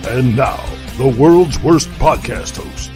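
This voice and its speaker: A man's voice: medium pitch, lively intonation, slow pace, over music. A man voicing a podcast's intro as an announcer. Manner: announcer delivery. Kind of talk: show intro voice-over.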